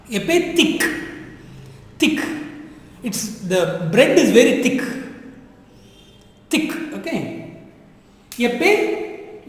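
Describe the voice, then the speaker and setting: Slow, lively man teaching in echoey room. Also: extremely high pitch. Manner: slow, repetitive drilling with quizzing questions. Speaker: French teacher. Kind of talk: classroom language lesson. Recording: very echoey room with long reverb.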